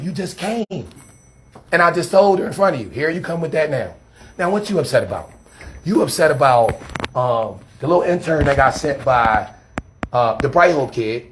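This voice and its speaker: A man, a street preacher arguing defensively outdoors by a church, talking fast and repeating himself, filmed on a handheld phone. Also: fairly high pitch, a little hiss or hum. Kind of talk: heated confrontational street talk. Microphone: handheld phone camera.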